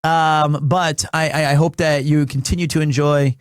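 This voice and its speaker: A man's voice: fairly high pitch, fairly even intonation, moderate pace, clean tone, dry recording, studio quality. A young man streaming a game, chatting casually and rambling with lots of restarts. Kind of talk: casual live-stream chat.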